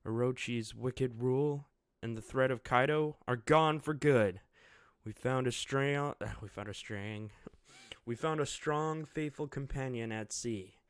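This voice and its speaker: A man's voice: mid-range voice, clear, resonant tone, no echo, lightly acted. A man voicing a proud young male shogun who declaims formally and solemnly, in a dry, close recording.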